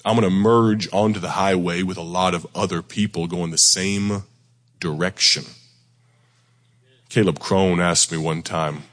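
A man preaching a sermon to a congregation, his voice hoarse and close to giving out, with a deep voice and a folksy, conversational manner. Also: steady tone, a little slow, fairly bright tone, big-room sound. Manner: folksy, conversational, self-deprecating. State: hoarse, near losing his voice. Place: church sanctuary before a congregation.

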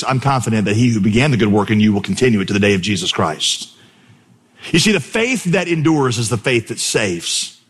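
A man preaching a sermon from a church stage, conversational and animated as he tells stories. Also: medium pitch, slightly rough. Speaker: pastor. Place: church stage before a congregation. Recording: live sermon in a reverberant hall.

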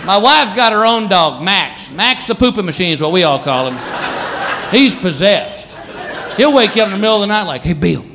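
A man's voice: high voice, normal speed. A man doing a stand-up routine, acting out his pets in silly voices. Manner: animated, acts out pets in funny voices. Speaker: stand-up comedian. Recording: live club with crowd and noise. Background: audience laughter.

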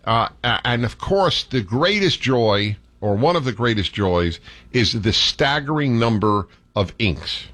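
A middle-aged man hosting a call-in radio talk show, animated and given to playful lecturing. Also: mid-range voice, unhurried, no room sound.

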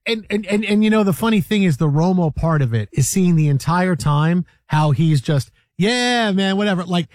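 A man with a high voice chats casually and tells his story in a rambling, animated way, often restarting his sentences. The recording is close and dry, with no room sound. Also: normal speed, hardly any pauses, no room sound. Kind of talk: casual chat.

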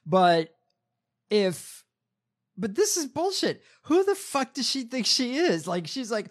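A woman's voice: a little high, very animated, slow. A woman co-hosting a podcast, exasperated and swearing in casual political banter. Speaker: podcast co-host.

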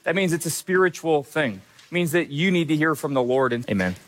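Energetic higher-voiced male pastor. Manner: energetic, conversational preaching with quick asides. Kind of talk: sermon.

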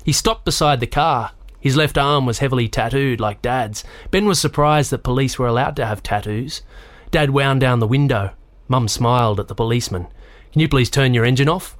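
A man reading a children's novel aloud in a measured, even storytelling manner. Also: medium pitch, no echo. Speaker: narrator. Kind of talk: audiobook narration.

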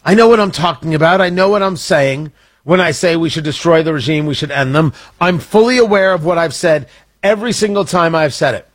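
A man's voice: a little high, fairly quick. A man hosting a political commentary show, ranting in an emphatic, combative way and reacting to the chat room.

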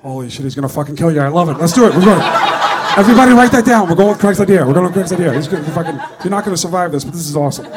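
A man doing an impression of an excited male radio show producer who rushes his words and swears. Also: fairly high pitch, a loud crowd, lightly acted.

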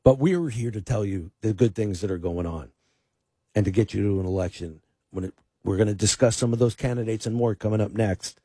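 A male radio host with a somewhat husky voice delivers pointed political commentary. His speech is emphatic, with restarts and repeated words. The sound is close and dry. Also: lowish voice, a little fast, dark tone, no room sound. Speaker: fill-in radio talk host.

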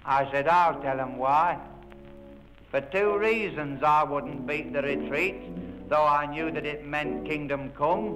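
A man's voice: on the high side, steady tone, a little slow, a bit bright, low-quality recording. A man playing a stubborn, boastful Yorkshire veteran of a hundred and two, telling a comic tale in broad dialect with a Yorkshire accent. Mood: droll. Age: older. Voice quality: broad dialect, droll storytelling. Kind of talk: comic monologue over music. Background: instrumental music.

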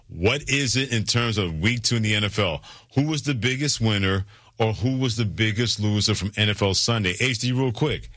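A male sports radio host talking in a brisk, emphatic and playful way on a studio mic. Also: fairly low pitch, a bit bright, no echo.

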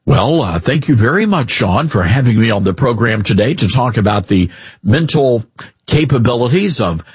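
A man's voice: medium pitch, expressive, breathy edge, dry recording, voice pushed down. A man playing a stiff formal politician. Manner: polished, measured. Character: stiff formal politician, middle-aged man without a drawl.

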